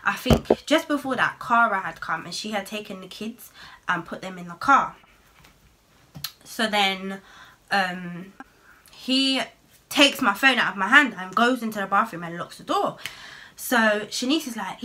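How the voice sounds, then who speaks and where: A young woman tells a heated story to camera. Her voice is bright and sharp, and her slang-heavy talk is full of curses. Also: medium pitch, measured pace. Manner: animated, swearing, heavy slang. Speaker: vlogger. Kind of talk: storytime vlog.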